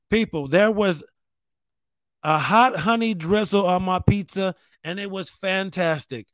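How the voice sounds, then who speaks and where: A man's voice: high-pitched, measured pace, a bit bright, no room sound. A man from New York State hosting a show, talking in a rambling, profane, self-mocking casual monologue. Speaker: podcast host.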